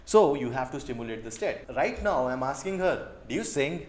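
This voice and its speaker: A man's voice: mid-range voice, expressive, normal speed, roomy sound. A young man with an Indian English accent who coaches dating and talks over field footage, blunt and profane and fond of repeating key phrases.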